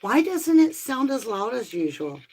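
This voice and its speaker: A woman's voice: on the high side, sing-song, moderate pace, darkish tone, breathy edge, rough recording. Woman host, casual live-stream chat, chatty and apologetic, phone mic. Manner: chatty, apologetic, talks to viewers while fiddling with gear. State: out of breath from the stairs. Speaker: host of a live tarot and spirit box stream.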